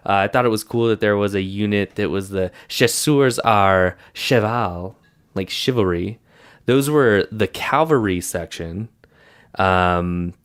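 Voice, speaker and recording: Another male podcast co-host rambles through casual chat, dropping fillers and laughing along the way. He has a lowish voice that's a bit bright, clear and resonant.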